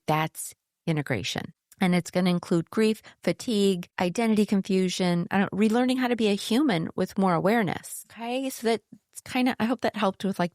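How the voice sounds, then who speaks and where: In a clean studio recording with no room sound, a middle-aged woman with a lowish voice hosts a solo podcast. She talks candidly and conversationally about spiritual growth, dropping the occasional casual swear.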